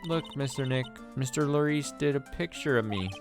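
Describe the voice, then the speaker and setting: A man's voice: medium pitch, moderate pace, voice pushed up, close to an everyday voice. A man voicing a sweet, polite little girl while reading game dialogue aloud, with game music behind. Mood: eager.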